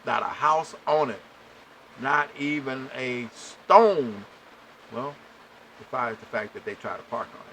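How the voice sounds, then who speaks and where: A podcast host with a mid-range voice tells a long story at an unhurried pace, animated and exasperated, speaking straight to his listeners in a casual way. The recording is low quality, with slight background noise.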